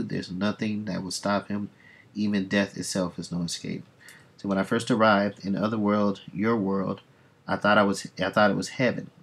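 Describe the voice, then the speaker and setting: A man's voice: on the low side, breathy edge. A man reading as a weary, brooding mutant.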